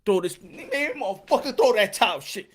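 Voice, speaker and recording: A man's voice: extremely high pitch, very animated, quick pace, bright, forceful tone, voice pushed up, exaggerated voice. A man impersonating a furious, profane male boxing trainer who barks orders and curses constantly. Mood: threatening. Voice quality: profane, cursing, barking orders.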